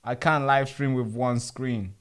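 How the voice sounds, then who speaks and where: A man's voice: medium pitch, steady tone, measured pace, a bit bright. Frustrated man hosting a live stream. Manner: frustrated, talking to viewers while fixing equipment. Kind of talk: casual live stream chat. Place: home.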